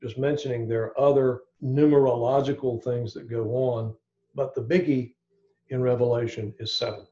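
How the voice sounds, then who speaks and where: A man's voice: mid-range voice, fairly even intonation, normal speed, warm tone, dull audio. A man giving an informal evening Bible study, thinking aloud with frequent restarts and asides.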